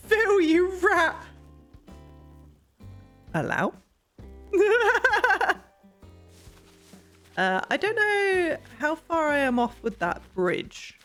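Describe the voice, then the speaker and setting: A woman's voice: medium pitch, a bit bright. A young woman chatting casually while streaming a game, swearing and laughing often, her mic pointed the wrong way. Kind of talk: casual gameplay chat. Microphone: desk mic, pointed the wrong way.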